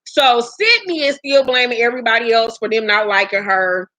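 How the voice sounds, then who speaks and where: A woman's voice: on the high side, moderate pace, pushed and bright, no room sound. A woman giving a casual, blunt, profane recap of a reality show episode in a chatty vlog.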